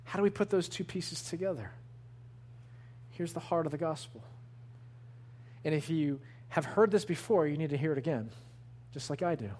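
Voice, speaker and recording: A man preaching a sermon in an earnest, emphatic way, slowing to stress the words that matter. His voice sits a little higher than most men's. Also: darkish tone. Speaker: pastor.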